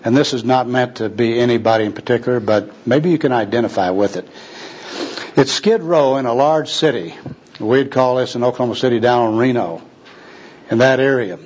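Folksy husky-voiced preacher. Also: male voice, medium pitch, brisk, a little mellow. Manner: folksy, conversational. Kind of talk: sermon storytelling. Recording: dull lo-fi recording.

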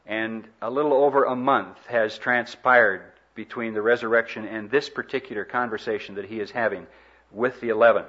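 A man's voice: on the low side, fairly even intonation, a bit bright. Earnest preacher man, dull recording. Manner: earnest, emphatic, with dramatic pauses and swells. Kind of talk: sermon.

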